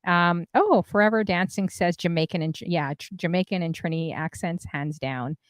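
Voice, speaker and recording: Woman, host, casual stream chat, laughs a lot, slightly low voice, dry close sound. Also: moderate pace, dry recording. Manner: chatty, reads out chat comments, laughs often.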